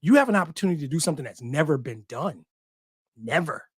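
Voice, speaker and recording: On his sports podcast, a male host talks fast and fervently, hammering home short, punchy phrases and letting the occasional curse slip. The voice is fairly high, expressive, and breathy-edged, recorded cleanly in a studio with no room sound.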